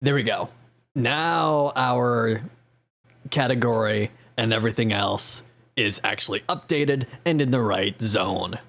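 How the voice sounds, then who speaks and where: A man's voice: mid-range voice, slow, creaky, a bit bright. A man chatting casually on a live game stream, rambling and self-mocking with frequent laughs.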